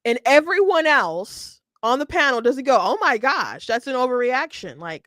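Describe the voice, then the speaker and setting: A woman's voice: high-pitched, very animated, normal speed, few pauses, a bit bright, no echo, clean studio sound. A woman hosting a casual political commentary stream, chatty, with many restarts and frequent laughter. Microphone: close mic, streaming setup.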